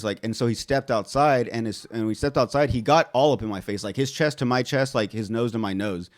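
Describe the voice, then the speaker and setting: A man's voice: medium pitch, a little fast, hardly any pauses. A young man casually telling a rambling, profane story on a podcast, laughing as he goes. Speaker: podcast host.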